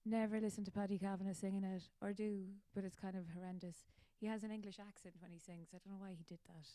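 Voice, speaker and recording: An Irish woman hosting her own show in a loose, chatty ramble, poking fun at herself as she goes. Her voice is mellow and warm, recorded dry and close. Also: mid-range voice, little pitch movement, fast talker, no room sound. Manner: rambling, chatty, self-mocking. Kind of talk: casual chat.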